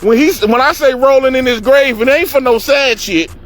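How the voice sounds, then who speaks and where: A man casually telling a profane, animated story and acting out the people he quotes. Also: very high-pitched, normal speed, faint music behind. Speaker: podcast host telling a story.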